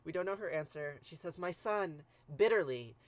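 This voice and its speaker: A man's voice: a little high, lively intonation, fairly quick, dry recording. A man hosting a livestream, reading an ancient epic aloud with chatty, playful commentary and frequent giggles. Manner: chatty, giggly, addresses viewers by name.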